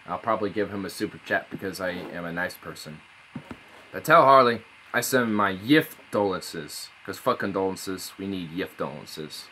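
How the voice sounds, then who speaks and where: A man's voice: low voice, expressive, moderate pace, pushed and bright, slight background noise, rough recording. A young man chatting casually to his live-stream audience through a phone mic, rambling, swearing loosely and repeating words as he restarts.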